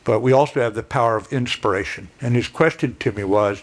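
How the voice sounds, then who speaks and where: An older man giving a plainspoken, folksy storytelling speech as guest speaker, clearing his throat now and then. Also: medium pitch, fairly quick, few pauses. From United States.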